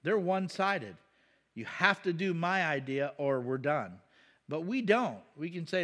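A man preaching a conversational sermon, asking the congregation questions and breaking into loud, emphatic bursts. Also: a little high, very animated, a little slow. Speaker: pastor.

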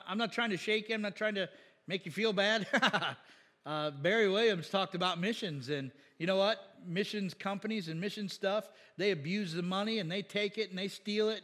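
Pastor, male, slightly high voice. Casual, joking sermon delivery with loud emphatic peaks, echoing church hall. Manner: jokey, laughs often, rises to loud emphatic peaks. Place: church sanctuary.

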